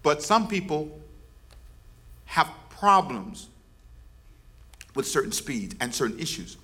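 A man's voice: fairly high pitch, sing-song, slow, pushed and bright. A man preaching as pastor, leading his congregation in call and response and teasing them playfully. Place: church service before a congregation.

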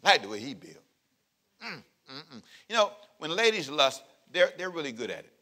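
A male pastor delivering a lively sermon, playful and full of jokes, calling out to the congregation. His voice is bright, forceful and a little tense, set somewhat high for a man. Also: a little fast. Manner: playful, joking preacher who acts out scenes; calls out to the congregation.

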